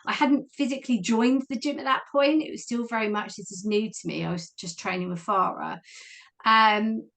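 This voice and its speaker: Woman, forties, interview guest; candid and reflective, warm laughs between thoughts. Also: fairly high pitch, fairly even intonation, moderate pace. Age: 40s. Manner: open, reflective, laughs easily. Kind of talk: candid personal conversation.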